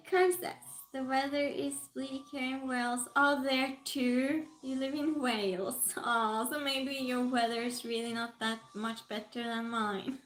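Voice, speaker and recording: A woman hosts a casual livestream, giggling as she greets viewers and reads their comments aloud. Her voice sits high, with a steady tone and slow pace. The audio quality is poor.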